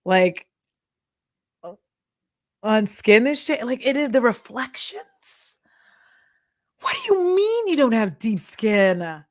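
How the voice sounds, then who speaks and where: A woman's voice: a little high, big pitch swings, slow, pauses often, no room sound, studio quality. A woman in her thirties doing a casual chat vlog while putting on makeup, talking bluntly, swearing freely and laughing often. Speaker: beauty content creator turned chat vlogger.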